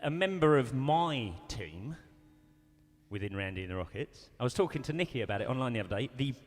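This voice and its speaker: A man's voice: medium pitch, animated, brisk, big-room sound. A man in a band, teasing and playful, chatting enthusiastically on a livestream. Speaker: bass player in a band. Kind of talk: casual banter.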